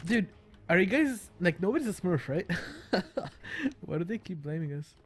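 A man commentating his own online shooter match, excitable and laughing, bantering with teammates as he plays. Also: high-pitched, moderate pace, slightly rough. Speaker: gaming YouTuber. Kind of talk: casual gameplay commentary.

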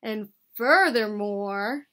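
A woman voicing a big pompous male bear in a storybook, declaiming in a slow, booming manner. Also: expressive, pushed and bright, a little hiss or hum, heavily acted.

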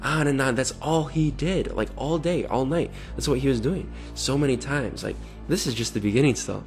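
A man's voice: medium pitch, normal speed, faint music behind. Exasperated man reading chats, sarcastic. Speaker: online predator-baiting vlogger. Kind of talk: reading chat messages aloud with commentary.

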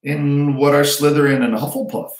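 A man's voice: on the high side, steady tone, moderate pace, recorded from a distance, voice pushed up, natural voice. A man voicing an earnest young orphan wizard boy. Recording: roomy echo.

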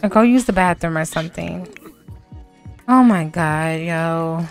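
A woman narrating her life-sim game in slow, drawn-out phrases. She reacts with loud, slangy exclamations and the odd swear word. Faint music plays underneath. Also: fairly low pitch. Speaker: let's play host. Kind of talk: game commentary.

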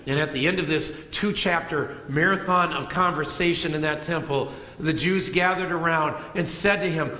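A middle-aged man preaching a sermon as pastor, moving between loud emphatic lines and soft hushed ones. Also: fairly high pitch, normal speed, hardly any pauses. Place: church sanctuary. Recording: echoey church hall.

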